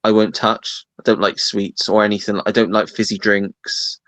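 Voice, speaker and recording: A man's voice: lowish voice, little pitch movement, normal speed, fairly bright tone, no room sound. A man co-hosting a livestream, chatting easily, laughing along and reading out viewer comments. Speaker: co-host. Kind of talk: casual chat.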